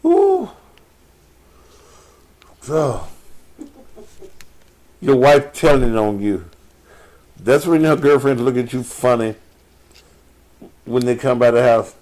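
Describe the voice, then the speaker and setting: Male call-in host, foul-mouthed joker, mid-pitched everyday voice. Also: big pitch swings, slow, pauses often, darkish tone. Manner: crude, profane, joking banter. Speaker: radio call-in show host, addressed as pastor. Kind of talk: live call-in talk show.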